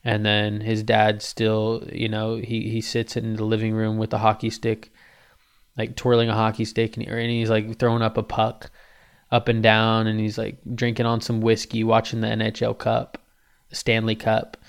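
A man's voice: fairly low pitch, monotone, moderate pace, creaky, clear, resonant tone. A young man hosting a podcast, telling a loose, profane comic story with lots of restarts.

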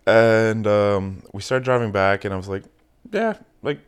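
Podcast host, male, low register; foul-mouthed, animated anecdote teller. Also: normal speed, slight background noise. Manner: profane, animated storyteller. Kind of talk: casual storytelling chat.

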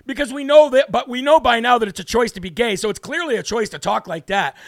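A man's voice: very high voice, quick pace, gravelly, few pauses, no room sound, clean studio sound. A man with an American accent hosting a political talk show, talking in a brash, indignant way that repeats words for emphasis.

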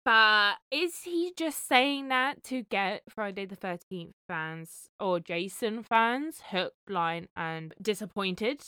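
A woman's voice: medium pitch, takes it slowly, few pauses, clean tone, dry recording, clean studio sound. A woman co-hosting a podcast, explaining things casually with frequent "um"s. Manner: relaxed, explains, many "um"s. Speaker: podcast co-host. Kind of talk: casual chat.

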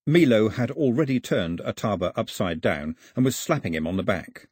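A man narrates an audiobook in a husky, expressive voice. His pitch rises and falls with the action, and the recording is close and dry. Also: moderate pace, dry recording. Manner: expressive storytelling.

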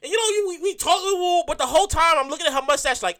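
Guy with a really high bright voice doing a rambly comedy rant, keeps repeating stuff. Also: quick pace. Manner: excitable, rambling, repeats himself often. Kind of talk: rambling comic monologue.

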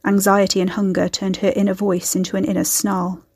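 A woman narrates her serial fiction in a close, dry reading. Her voice is mid-pitched, and she is expressive, taking on every character herself. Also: a little fast, breathy edge, dry recording. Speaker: audiobook narrator.

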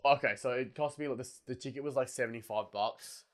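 A young Australian man co-hosting a podcast, telling stories in a casual, animated way and swearing freely. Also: medium pitch, fast talker. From Western Australia. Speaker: podcast co-host. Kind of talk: casual chat.

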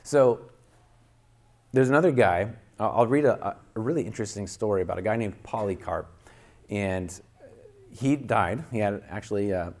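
A man preaching a sermon, reading a martyr story aloud with earnest, rising emphasis. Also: fairly low pitch.

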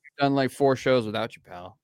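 A young adult man hosts a podcast in a casual chat, telling profane stories and acting out what people said like an animated storyteller. His voice is medium-pitched, a little fast, clear and resonant. The recording is dry and studio quality.

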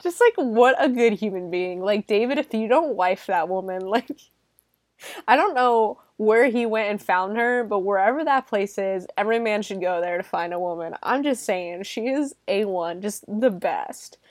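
Reviewing a film on her podcast, a female host keeps things casual and lively, dropping sarcasm, curse words, and plenty of "like" fillers. She speaks at a moderate pace in a medium pitch, with studio-quality sound and no echo.

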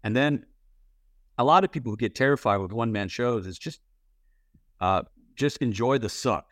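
A man's voice: medium pitch, moderate pace, a bit bright, no room sound, studio quality. A man giving acting advice in a casual interview, rambling and full of restarts. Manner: candid, swears casually. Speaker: interviewer, playwright and actor.

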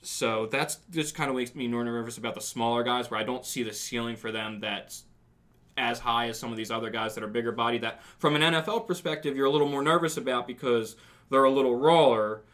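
A man's voice: mid-range voice, fairly quick, fairly bright tone. A man hosting a casual sports podcast, talking things through in long, rambling runs with restarts. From not from the South. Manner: rambling, thinks aloud with restarts. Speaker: podcast host.

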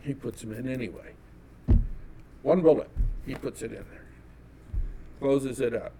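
A man from California telling a personal story as an interview guest, animated and acting out the dialogue. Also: mid-range voice, a little slow, heavy background noise. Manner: animated, acts out quoted dialogue.

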